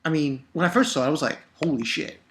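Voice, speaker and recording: Excitable swearing male comic reviewer. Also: a little high, racing. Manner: excitable, rambling, swears often. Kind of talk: casual comic review vlog.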